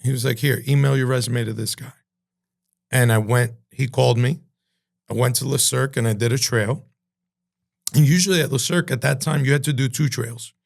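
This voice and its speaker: A man, a chef being interviewed, telling profane, animated stories and acting out the voices of other people. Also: mid-range voice, a little fast, creaky. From Cuban-American from New Jersey. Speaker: chef and entrepreneur, podcast guest. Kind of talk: casual storytelling interview.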